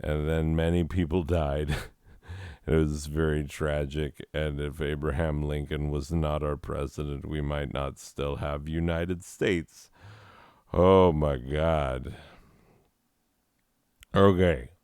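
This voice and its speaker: A man's voice: rumbling low, little pitch movement, slow, a little mellow, clear, resonant tone, no room sound, clean studio sound. A man hosting a comedy show, sarcastically mocking a listener letter and laughing at his own jokes. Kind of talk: comedic riffing monologue.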